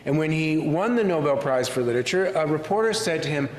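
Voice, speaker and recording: A male rabbi speaking to a congregation in a synagogue sanctuary. He tells stories thoughtfully, with frequent pauses. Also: on the high side, expressive. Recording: echoey hall with faint room noise.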